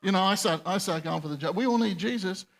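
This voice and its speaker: A man's voice: high voice, quick pace, vocal fry. A male pastor, telling a personal story in a conversational, self-deprecating sermon. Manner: conversational, self-deprecating, animated when retelling dialogue.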